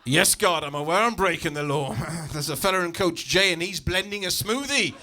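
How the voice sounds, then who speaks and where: A man performing a stand-up comedy set in a comedy club, telling stories in a lively, exasperated way with asides to the crowd. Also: high-pitched, normal speed, a little hiss or hum.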